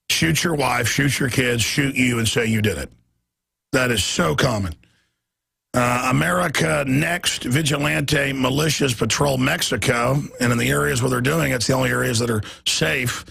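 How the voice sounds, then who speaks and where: Hoarse, gravelly radio talk host. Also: male voice, mid-range voice, no room sound. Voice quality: gravelly, raspy voice. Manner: emphatic, rapid-fire ranting with sudden loud bursts. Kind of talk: ranting political talk radio monologue.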